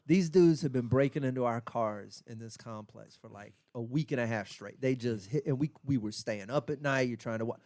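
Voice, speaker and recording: A man, hosting a podcast and telling a profane story to friends with lively energy. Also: medium pitch, normal speed, hardly any pauses, no echo, studio quality. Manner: animated, profane, acts out quotes. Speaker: podcast host and stand-up comic. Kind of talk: casual storytelling among friends.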